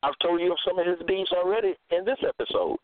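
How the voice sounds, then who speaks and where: A man's voice: high-pitched, fast, dry recording. A man reading scripture verses aloud and then interpreting them, repeating key phrases for emphasis. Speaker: self-styled religious teacher. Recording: thin phone-like dry sound.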